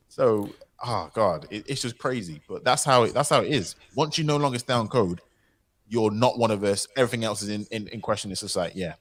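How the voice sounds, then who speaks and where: Fast-talking low-voiced man on a panel. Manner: fast, excitable storytelling with incredulous outbursts. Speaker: podcast panelist. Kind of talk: casual panel discussion.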